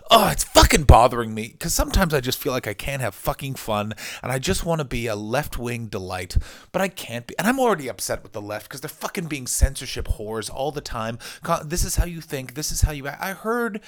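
A man rants as a comic podcast host, loud and excitable. He swears freely and jumps from one topic to the next. His voice sits at an everyday pitch. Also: brisk. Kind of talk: comic rant. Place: hotel room. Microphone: video call microphone.

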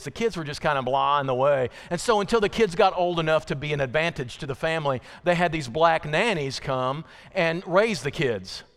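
Man preaching, call-and-response, repetitive, fairly high voice, long church reverb. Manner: call-and-response, repetitive, building to loud emphasis. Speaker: pastor. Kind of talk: sermon. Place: church sanctuary.

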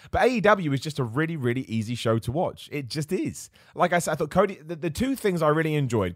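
An animated man talking through his wrestling opinions in a loose, excitable way, often stopping and restarting mid-thought. His voice sits at an ordinary middle pitch. The recording is dry and close, with no room echo. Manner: enthusiastic, rambling, frequent restarts. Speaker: wrestling show host. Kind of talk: casual opinion commentary.

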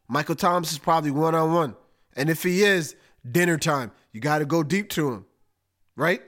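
A man talks through football picks with emphatic energy and street slang. His voice sits a little high for a man. He speaks like a casual host chatting with his listeners. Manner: animated, emphatic, folksy with slang. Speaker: podcast host. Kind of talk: casual sports analysis.

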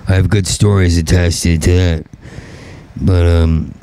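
A man's voice: sits low, level tone, a little slow, mellow, a little hiss or hum, poor audio. A middle-aged man with a heavy stutter, delivering a rambling, bitter stand-up monologue. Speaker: stand-up comedian.

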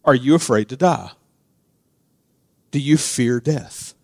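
A man preaching a casual sermon. He drifts into quiet, chatty asides and then builds to loud, emphatic peaks. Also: mid-range voice, takes it slowly, creaky, no echo, studio quality. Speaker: pastor.

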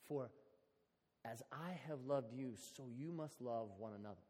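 A man preaching a sermon in a relaxed, conversational, storytelling way. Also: mid-range voice, unhurried. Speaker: pastor. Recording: long hall reverb.

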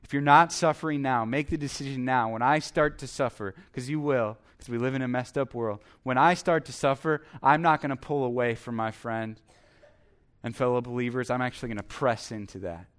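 A man's voice: medium pitch, steady tone, fairly quick, fairly bright tone. A man preaching a sermon as the pastor, earnest and emphatic, repeating his exhortations.

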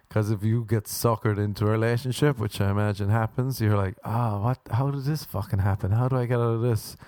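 A man doing a stand-up comedy routine, animated, acting out voices and laughing at his own jokes. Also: mid-range voice, no echo. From Ireland.

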